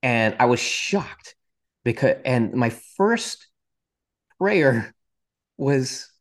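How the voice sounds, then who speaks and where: A man's voice: medium pitch, expressive, drawn-out words. A male podcast host candidly and earnestly telling his personal faith testimony, with touches of self-deprecating humor.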